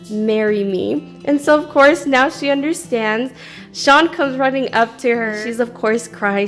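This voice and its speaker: Chatty giggly lady showing off her craft journal, kinda high voice, faint music behind. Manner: chatty, bubbly, often laughing. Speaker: craft video creator. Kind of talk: casual craft flip-through with storytelling.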